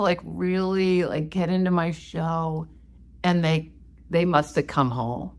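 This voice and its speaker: A woman co-hosting a podcast, telling a story in a casual, animated, self-mocking way. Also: fairly low pitch, unhurried. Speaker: podcast co-host.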